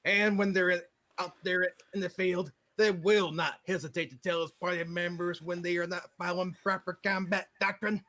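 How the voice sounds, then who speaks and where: A man's voice: sits high, fairly even intonation, moderate pace, noisy background. A man co-hosting a tabletop gaming podcast, reading out a character concept in a casual chat. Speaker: podcast co-host.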